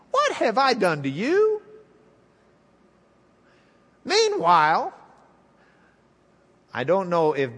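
A man's voice: high voice, fairly bright tone, in a large hall. A male preacher retelling a story in a folksy, wry, conversational sermon.

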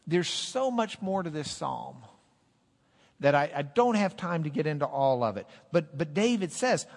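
A man's voice: big pitch swings, moderate pace. Preaching man in an echoey hall. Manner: swells loud and high on scripture, drops low to explain. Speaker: pastor. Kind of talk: sermon. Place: church sanctuary.

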